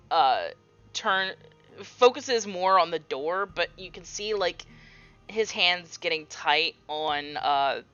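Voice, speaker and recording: A woman narrating as game master of a tabletop game, describing scenes slowly with many fillers. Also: fairly low pitch, fairly bright tone, clean tone, highs cut off.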